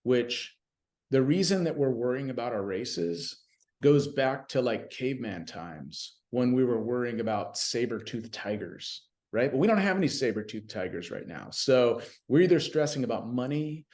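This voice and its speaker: A BMX announcer appears as a guest on a laid-back podcast, spinning stories in an animated, talkative way and often tossing in "you know what I mean." His voice sits at a medium pitch.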